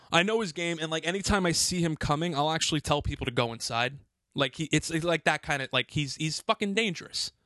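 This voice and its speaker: On a podcast, a hotel doorman tells a story in a mid-range, fairly bright voice, recorded dry with clean studio sound. The casual retelling is heated and profane, and he keeps restarting his sentences in agitation.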